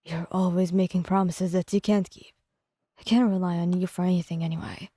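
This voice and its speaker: A hot-tempered young man with a harsh, cursing bite, as a woman puts him on in a lowered voice. The tone stays mellow rather than bright, and the sound is dry and close, like a story read straight into the mic. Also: flat delivery, brisk, breathy edge, dry recording. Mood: angry.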